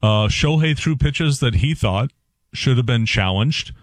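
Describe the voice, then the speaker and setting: A man's voice: mid-range voice, lively intonation, unhurried, no echo. A man, the show's producer, explaining a game in a loose, rambling way. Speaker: executive producer and show regular. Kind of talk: sports talk radio.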